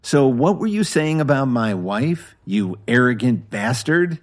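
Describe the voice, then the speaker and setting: A man voicing a calm young husband who speaks coldly and sarcastically. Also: medium pitch, measured pace, pitched above the performer's own voice. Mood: cold menace. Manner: sarcastic, cold, threatening.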